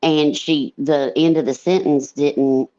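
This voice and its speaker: A woman's voice: deep voice, fairly even intonation, takes it slowly, warm tone, lo-fi sound. A middle-aged woman chatting casually as a livestream panel guest, rambling and blunt, swearing freely and full of fillers. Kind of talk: casual chat.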